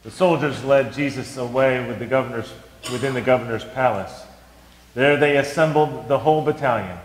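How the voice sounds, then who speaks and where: A man reads scripture at a church service in an even, deliberate manner. His voice sits at a middle pitch. The church adds a long, roomy echo. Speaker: scripture reader. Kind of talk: liturgical scripture reading. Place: church sanctuary. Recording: echoey church hall.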